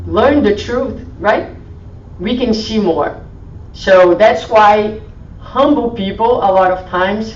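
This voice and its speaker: A woman speaking at a spiritual meeting in a gentle, soothing sermon style, dropping to a hush when she quotes. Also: medium pitch, slight background noise. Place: meeting hall. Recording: roomy, distant, dull live stream audio.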